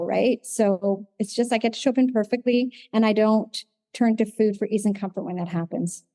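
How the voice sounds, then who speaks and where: A middle-aged woman sharing her recovery story at a meeting, animated, acting out her own past conversations. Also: mid-range voice, normal speed, no echo. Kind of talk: personal testimony in a recovery meeting.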